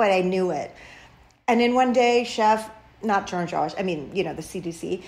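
A middle-aged woman from Thailand speaks English with a Thai accent, sitting as an interview guest. She tells her story with animated energy, breaking into laughter and stumbling through fillers and restarts as she goes. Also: mid-range voice, moderate pace. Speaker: chef and restaurant owner, guest.

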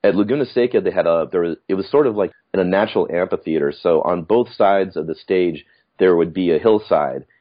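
Brief: middle-aged male podcast guest, deep voice, reflective storyteller, muffled recording. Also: fairly quick. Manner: rambling, reflective, with frequent restarts. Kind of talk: casual storytelling chat.

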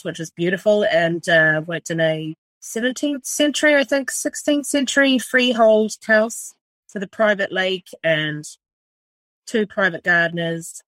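A woman's voice: lowish voice, a bit bright, dry recording. A woman in her forties from New Zealand, with a New Zealand accent, telling her story as a chef in a blunt, swear-filled, casual way, full of "like". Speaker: chef and restaurant owner.

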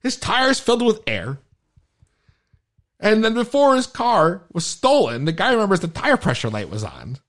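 In a podcast studio, a tipsy male host tells stories through casual banter, swearing a lot and stumbling over his words. His high-pitched voice moves at normal speed, and his storytelling is profane and animated.

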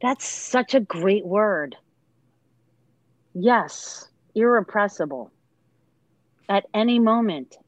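A middle-aged woman, a chef, telling family stories in casual conversation in a lively, animated storytelling manner. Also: mid-range voice, slow, long pauses, no room sound. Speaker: guest, chef. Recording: dry, slightly dull sound.

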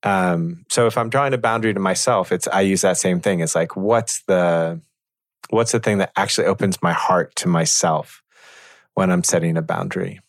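A man teaching in a reflective conversation, measured and thoughtful, pausing to find his words. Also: deep voice, fairly even intonation, dry recording, studio quality.

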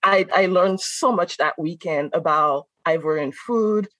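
A woman from Benin talks as a guest on a podcast, her voice sitting fairly low. She tells her stories in an animated, casual way, laughing often and acting out what people said. The sound is dry and close, with no room echo. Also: unhurried. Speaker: guest, food content creator. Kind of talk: casual conversational storytelling.

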